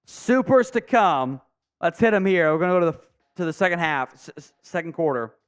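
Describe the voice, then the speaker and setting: A man's voice: high voice, expressive, brisk, smooth. A man hosting a live fan stream, calling plays and venting frustration at his team while reading viewer messages, swearing often. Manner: frustrated, swearing, reads chat aloud. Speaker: sports stream host. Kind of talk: live play-by-play and fan commentary.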